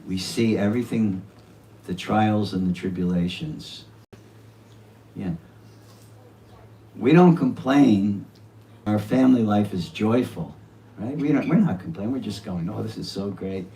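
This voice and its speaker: A man's voice: fairly low pitch, a little slow, long pauses, recorded from a distance, a little hiss or hum, low-quality recording. A man in his seventies giving an earnest devotional talk at a home gathering. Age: 70s. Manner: earnest, with warm laughter and quoted asides. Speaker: speaker at a devotional home program.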